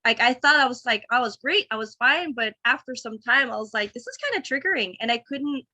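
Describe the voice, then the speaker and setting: Bright and forceful, this woman's voice sits on the high side, animated and brisk. In her thirties and a guest on a podcast, she talks casually and candidly, rambling through fillers and restarts while performing what she used to think.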